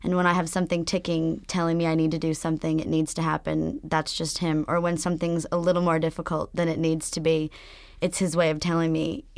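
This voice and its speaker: Low-voiced woman, earnest and reflective. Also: little pitch movement, fairly quick, a little mellow, no echo, studio quality. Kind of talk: casual conversation.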